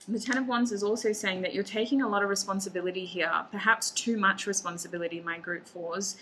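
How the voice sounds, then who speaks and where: Woman, tarot reader; bright voice, chatty and laughing, speaking to viewers, faint noise underneath. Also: medium pitch, poor audio. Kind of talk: solo pick-a-card tarot reading.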